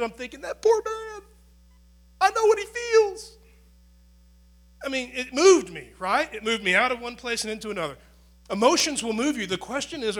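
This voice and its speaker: A middle-aged male pastor with a high, bright, forceful voice preaches a conversational, earnest sermon. He swings between punching certain phrases loudly and dropping others to near-quiet asides. A faint electrical hum runs beneath the recording.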